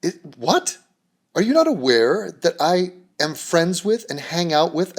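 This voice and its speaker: A man's voice: on the high side, very animated, measured pace, slightly rough. A man delivering a mocking, sarcastic vlog rant straight to camera. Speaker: YouTuber.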